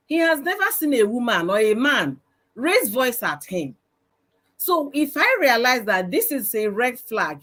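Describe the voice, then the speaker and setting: A middle-aged woman with a Nigerian accent, telling stories loudly and with emphasis on a live-streamed panel discussion. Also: fairly high pitch. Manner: loud, emphatic, storytelling. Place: live stream video call.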